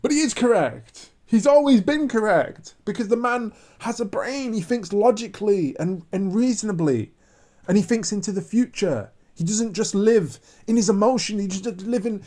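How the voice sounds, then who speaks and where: A man's voice: high voice, normal speed, a little mellow. A man ranting to camera in a preachy monologue, repeating his points with emphasis. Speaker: vlogger.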